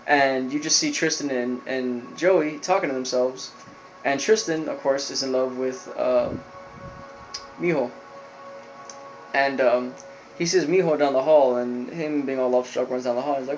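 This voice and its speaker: A man's voice: mid-range voice, steady tone, moderate pace, muffled recording, soft background music. A man reviewing an anime episode, retelling the plot in a loose, rambling way with lots of fillers. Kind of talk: casual spoken recap.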